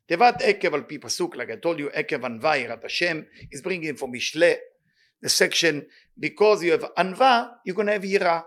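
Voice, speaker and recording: A man teaching a weekly Torah class who reads Hebrew quickly and then translates it into plain talk, with an animated, excitable delivery. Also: a little high.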